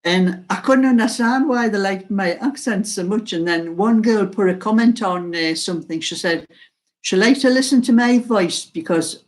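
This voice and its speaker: Hosting her knitting channel, this older North East England woman talks to viewers in an easygoing, unhurried way, laughing frequently. Her voice is medium in pitch, with a mild Geordie accent.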